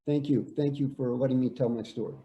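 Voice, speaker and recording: An older man, a veteran, reading out his own war story in a measured, plain way. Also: mid-range voice, steady tone, warm tone, lo-fi sound. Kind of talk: reading a prepared personal story. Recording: echoey room.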